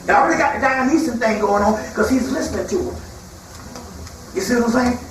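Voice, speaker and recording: A man's voice: very high-pitched, brisk. A man giving a spiritual lecture to a live audience, telling stories in a loose, colloquial way and acting out the people he quotes. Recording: echoey hall from far off, faint noise.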